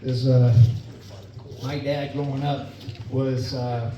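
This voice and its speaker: A middle-aged man tells folksy family stories in a stand-up set, chuckling at his own punchlines. His voice sits at an ordinary pitch but comes through roomy and distant. Steady chatter and noise hang under the dull recording. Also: slow pace. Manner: folksy storytelling, laughs at own jokes. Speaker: stand-up comedian. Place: club or bar stage. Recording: echoey room, distant mic, dull, noisy.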